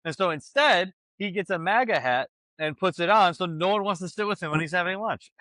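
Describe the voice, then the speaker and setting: A man co-hosting a podcast, chatting casually and telling stories with lively quoted voices. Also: a little fast, no room sound. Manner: animated storyteller, jumps pitch when quoting people. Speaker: podcast co-host. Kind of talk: casual chat.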